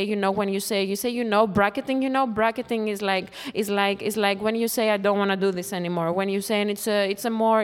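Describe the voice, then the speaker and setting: A woman speaks into a microphone in a spoken-word performance that drifts and loops, repeating words again and again. Her voice sits at an ordinary middle pitch. A long hall reverb trails behind each phrase. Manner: looping, repeats phrases over and over. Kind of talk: stream-of-consciousness spoken performance.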